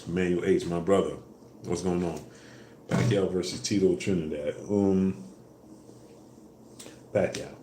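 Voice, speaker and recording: A man hosting a casual live stream, answering viewers in a relaxed way with fillers, louder when asking for likes. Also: low voice, measured pace, long pauses, a little hiss or hum. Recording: echoey room with faint ambience.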